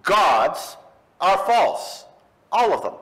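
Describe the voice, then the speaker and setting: A middle-aged man with a fairly high voice addresses a live audience. He delivers a forceful speech in slow, punchy statements, pausing pointedly between them. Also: very animated, poor audio. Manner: emphatic, slow, punchy declarations with pointed pauses. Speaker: speaker at an atheist convention. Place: live event in front of an audience.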